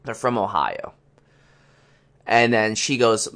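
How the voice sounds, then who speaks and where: A man's voice: mid-range voice, expressive, unhurried, a bit bright. Man telling a rambling story. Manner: rambling anecdote teller, acts out others' lines. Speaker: podcast co-host. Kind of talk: casual storytelling chat.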